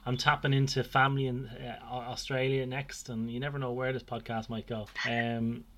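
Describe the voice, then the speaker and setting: A man's voice: medium pitch, level tone, normal speed, fairly bright tone. A man in his thirties with an Irish accent hosting a podcast, talking in a rambling way with many restarts and fillers. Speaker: podcast host. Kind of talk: casual podcast chat. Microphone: video call.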